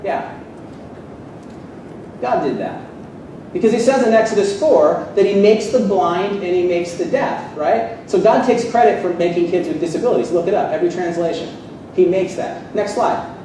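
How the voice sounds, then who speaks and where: A man's voice: high voice, normal speed, warm tone, a little hiss or hum. A man giving a sarcastic, fired-up debate speech to a live audience at a seminary. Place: seminary hall. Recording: echoey hall, distant mic.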